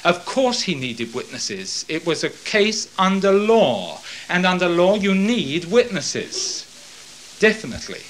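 A man's voice: high voice, unhurried, slight background noise, poor audio. A man preaching verse by verse, breaking off to comment and dramatizing the scene. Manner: animated, dramatizes the scene and quotes voices. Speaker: Bible teacher. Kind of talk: verse-by-verse Bible exposition.

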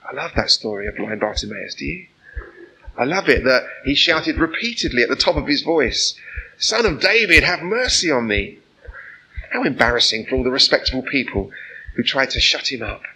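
Gravelly, forceful male preacher. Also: medium pitch, lively intonation, brisk, slight background noise, poor audio. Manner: conversational, full of rhetorical questions; personal and earnest. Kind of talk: informal sermon.

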